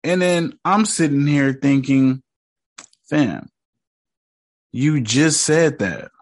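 A man's voice: on the high side, takes it slowly. A man casually recapping a TV episode in slangy, joking talk, mockingly quoting the characters. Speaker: show recap host.

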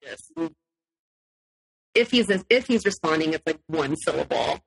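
A woman's voice: low voice, a little slow, creaky, slightly rough, poor audio. A woman guest in an interview, telling her personal story animatedly and acting out what people said. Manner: animated, acts out quotes, laughs often.

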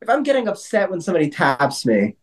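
A man co-hosting a casual podcast, telling stories in an animated way with lots of fillers and some swearing. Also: high voice, quick pace. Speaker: podcast co-host. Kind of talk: casual chat.

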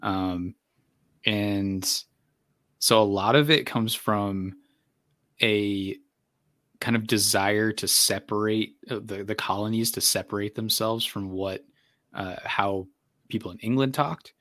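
A man's voice: on the low side, fairly even intonation, takes it slowly, long pauses, fairly bright tone, no room sound, studio quality. A man in a casual podcast chat, thoughtfully explaining with many fillers.

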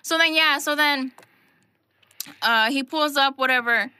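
A young woman telling a crude, animated dating story in casual chat, swearing and laughing often. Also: high voice, unhurried.

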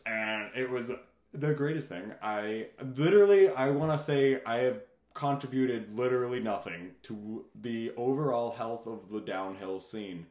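A man guesting on a podcast, telling stories in a lively, laughing casual chat. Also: on the low side, roomy sound. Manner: animated, laughing, shouts out catchphrases.

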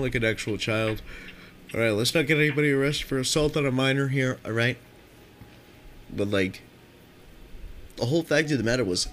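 A man's voice: mid-range voice, a bit bright, slight background noise. A young man telling casual stories on his podcast in a rambling, profane way, filling his talk with "like". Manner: rambling and profane, heavy use of "like". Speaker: podcast storyteller.

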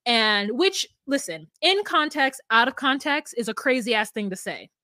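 A woman's voice: fairly high pitch, moderate pace, no echo, clean studio sound. A woman co-hosting a podcast, recapping a show in casual chat and acting out what people said. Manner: animated storyteller acting out quotes. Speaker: podcast co-host.

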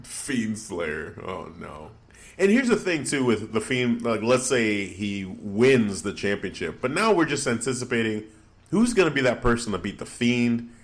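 A young man co-hosting a casual podcast, animated and quick to exclaim in disbelief. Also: mid-range voice. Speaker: podcast co-host. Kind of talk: casual wrestling podcast chat.

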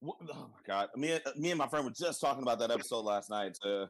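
A young man co-hosting a casual podcast, excitable and swearing freely, laughing often. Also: mid-range voice, quick pace, no echo. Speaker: podcast co-host. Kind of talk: casual chat.

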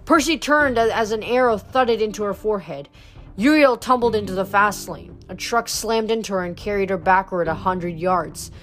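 A woman reading a novel aloud in a steady storytelling way. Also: medium pitch, moderate pace. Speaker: reader.

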